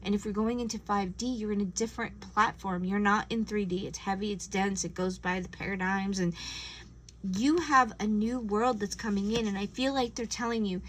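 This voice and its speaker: Woman, tarot reader, earnest and gentle, mid pitch, faint background hiss. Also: moderate pace, poor audio. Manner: earnest and gentle, acts out imagined dialogue. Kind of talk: casual spiritual tarot reading.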